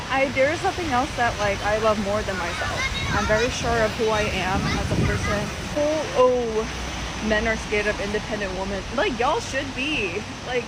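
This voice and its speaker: A young woman with a confident, laughing, frank manner, vlogging just after a date, outdoors by traffic. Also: mid-range voice. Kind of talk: storytime vlog. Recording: loud traffic noise behind voice.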